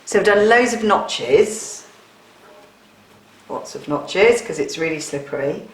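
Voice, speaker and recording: A woman's voice: fairly low pitch, lively intonation, slow pace, reverberant. A woman chatting through a sewing tutorial, laughing often and poking fun at herself.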